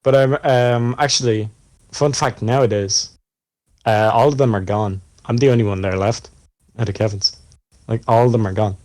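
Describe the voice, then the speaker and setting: A young Irish man talks in a casual podcast chat. He tells the story in a loose, rambling way, swears freely and fills the gaps with "like" and "um". His voice sits at an ordinary pitch for a man. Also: fairly even intonation, normal speed, darkish tone, dry recording. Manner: rambling, profane storytelling full of fillers. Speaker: podcast co-host.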